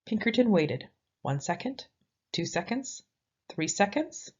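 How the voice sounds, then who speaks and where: A woman reading a children's picture book aloud in a lively, expressive way. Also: mid-range voice, a little slow, breathy edge. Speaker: storyteller. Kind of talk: children's story read-aloud. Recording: slightly dull lo-fi audio.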